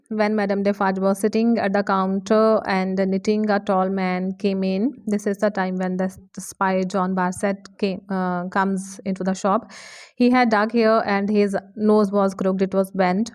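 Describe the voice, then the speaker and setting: Woman teacher, reading a novel aloud, pauses to explain, halting with fillers, mid-pitched voice. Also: flat delivery, darkish tone, smooth. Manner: explanatory, with frequent fillers and restarts.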